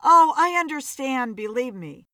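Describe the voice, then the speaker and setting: A woman's voice: sits high, expressive, a little slow, pushed and bright, no echo, clean studio sound, pitched above the performer's own voice, heavily acted. A woman voicing a blunt, weary female bartender in an audiobook story.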